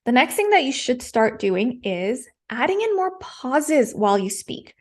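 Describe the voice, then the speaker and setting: A woman's voice: high-pitched, sing-song, a little slow. A woman coaching public speaking in a live-streamed lesson, direct and encouraging, repeating her key points.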